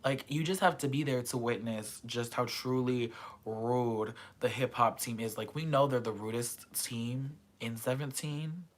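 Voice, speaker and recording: A vlogger chatting casually and excitedly about a concert, full of slang and swearing. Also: mid-range voice, a little slow. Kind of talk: casual chat.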